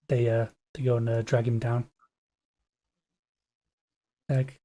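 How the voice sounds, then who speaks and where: Halting man running a tabletop game. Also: medium pitch, flat delivery, mellow, slight background noise. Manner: halting, filler-heavy, restarts sentences. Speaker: game master.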